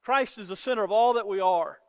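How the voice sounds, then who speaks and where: Pastor delivering a sermon: man with a high voice, earnest and repetitive, echoing sanctuary sound. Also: brisk, clean tone. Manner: earnest, repeats words when starting sentences. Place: church sanctuary. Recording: long reverb of a church hall.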